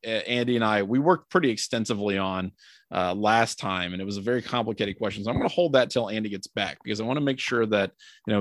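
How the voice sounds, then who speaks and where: A man's voice: lowish voice, dry recording. Male podcast host, chatty and wry, dry close-miked sound. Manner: chatty, joking, rambling with many fillers. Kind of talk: casual sports podcast chat.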